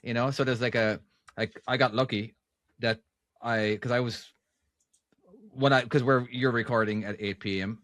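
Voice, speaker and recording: A man's voice: medium pitch, steady tone, moderate pace, pauses often, fairly bright tone, no echo. A man co-hosting a casual podcast chat, rambling with many restarts and fillers. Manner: rambling, lots of restarts and "you know". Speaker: podcast co-host. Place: America.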